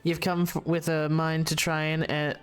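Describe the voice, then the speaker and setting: A gruff, salty tavern keeper, read aloud by a man in a slightly high, clear voice. He trips over the words and starts again as he reads the game's dialogue, with faint game music underneath. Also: completely flat delivery, normal speed, natural voice. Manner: reads the game text aloud, stumbling and restarting.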